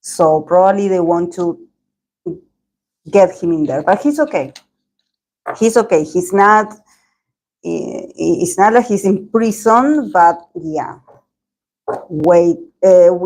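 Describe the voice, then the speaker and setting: Slow, meandering woman tarot reader. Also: fairly low pitch, vocal fry, darkish tone, slight background noise, low-quality recording. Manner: meandering, hedging talk with many pauses. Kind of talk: tarot reading video.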